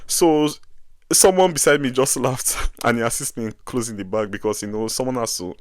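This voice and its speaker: A man's voice: mid-range voice, a little fast, no room sound, clean studio sound. Exasperated young Nigerian man telling a story. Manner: animated, exasperated storytelling with many asides. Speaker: vlogger. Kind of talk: casual story-time vlog.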